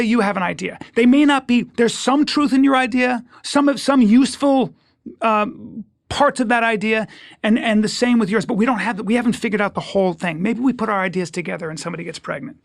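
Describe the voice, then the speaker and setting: A man with a fairly high, rough, fry-laced voice talks as a guest comedian in a relaxed interview. He is emphatic and joking, swinging between loud punches and hushed asides. The sound is close and dry, with no room around it. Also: brisk, no echo. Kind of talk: casual interview talk.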